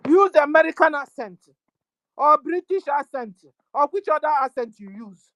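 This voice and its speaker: A woman with a Nigerian accent giving an impassioned political address, scolding her listeners over and over and rising to shouts. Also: high-pitched, animated, moderate pace, muffled recording. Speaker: activist speaker.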